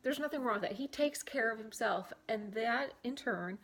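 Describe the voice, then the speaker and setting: A woman vlogger with a fairly high, slightly breathy voice speaks at a normal speed into her camera mic. She reads self-help affirmations aloud, repeats them, and then drifts off into chatty, rambling asides.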